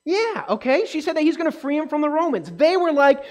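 A woman with a high, bright-pitched voice tells a Bible story to a group of children. She is animated and keeps asking the kids questions. She also acts out the voices of people in the story. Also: fairly quick.

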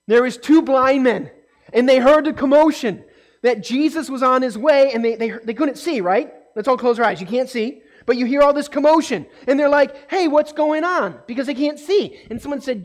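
High-voiced woman teaching kids. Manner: animated, questions the kids often; acts out voices and quotes in the story. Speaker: children's Bible teacher. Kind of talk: storytelling lesson to children.

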